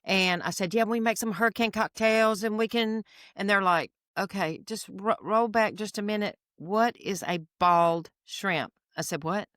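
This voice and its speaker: A smooth, clear voice from a Southern woman in her fifties, recorded close and dry on a podcast mic. She tells her stories in an animated way and acts out the other people in them. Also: mid-range voice, moderate pace, no room sound. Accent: Southern American. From Alabama. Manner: animated storyteller acting out quotes. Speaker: guest. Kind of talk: casual storytelling.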